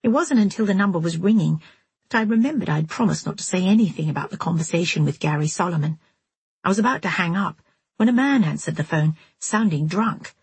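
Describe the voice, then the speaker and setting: A woman narrating a novel in the first person, in a steady, measured storytelling manner. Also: lowish voice, slightly rough, dry recording. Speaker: audiobook narrator.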